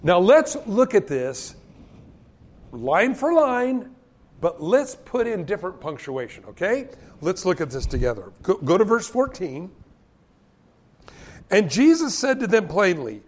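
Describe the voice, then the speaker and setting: This sermon comes from a pastor with a high-pitched voice at normal speed. He brings its stories to life energetically, acting out what each person says.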